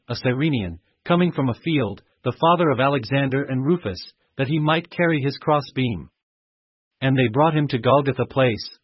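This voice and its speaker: Husky-voiced man reading scripture. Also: medium pitch, dry recording. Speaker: scripture reader. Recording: muffled dry recording.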